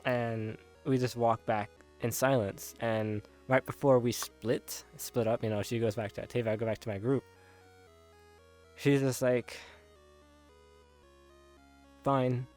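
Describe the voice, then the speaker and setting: A young man recounts a dream in a loose, rambling way, full of filler words and little laughs. His voice sits at a middle pitch. Soft music plays faintly behind him. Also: fairly even intonation, normal speed. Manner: rambling, many filler likes, laughing often. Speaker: content creator. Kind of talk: casual storytelling of a dream.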